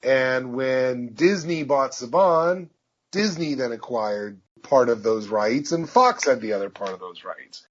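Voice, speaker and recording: Male voice actor as interview guest, easygoing anecdotes, mid-range pitch, muffled lo-fi sound. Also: unhurried. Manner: relaxed anecdotal delivery. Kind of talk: interview answers, storytelling. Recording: dull lo-fi audio.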